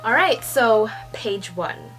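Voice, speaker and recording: Young woman, slow and bright-voiced, excitable casual reader; faint music under her voice. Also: on the high side, poor audio. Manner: excitable, swearing, laughing, swinging between hushed reading and squeals. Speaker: manga reaction reader. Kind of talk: casual read-along reaction.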